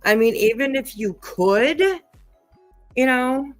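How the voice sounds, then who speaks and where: A woman's voice: on the high side, slow, no echo. Woman, casual commentary, profane, mocking, dry close sound, faint background music. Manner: profane, mocking, laughs often. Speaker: commentary streamer.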